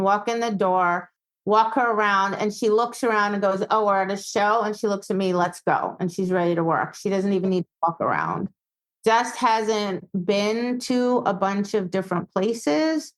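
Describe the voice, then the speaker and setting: A woman dog obedience trainer, a guest on a casual podcast, telling animated stories and acting out quoted voices. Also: mid-range voice, poor audio.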